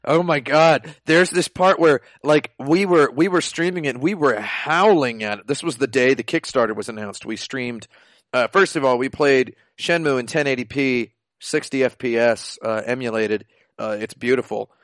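Podcast co-host, man, excitable emphatic ranter, dry video-call sound. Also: mid-range voice, moderate pace, dry recording. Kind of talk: casual chat.

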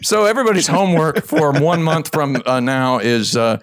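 A man's voice: normal speed, no echo. A male podcast host in casual chat, telling a long joke story and acting out every voice in it. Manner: acts out both sides of a story, jumping into a high voice for others' lines.

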